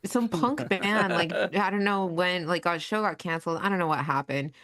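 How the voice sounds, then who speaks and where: Low-voiced woman telling an animated story. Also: moderate pace. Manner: animated storyteller, says dude a lot, laughs often. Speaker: co-host. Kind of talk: casual podcast chat.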